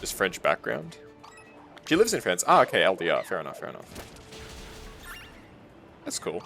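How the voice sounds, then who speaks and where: A man's voice: low voice, huge pitch swings, moderate pace, vocal fry, music in the background. A young Australian man, a streamer casually chatting with his live chat while gaming, reading messages aloud and laughing often.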